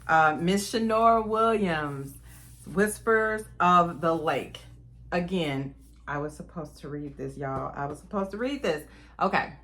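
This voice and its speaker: A woman's voice: on the low side, a bit bright. A young woman, chatting to camera about her reading plans in a casual, enthusiastic way. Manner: chatty, enthusiastic, addresses viewers as y'all. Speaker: book vlogger.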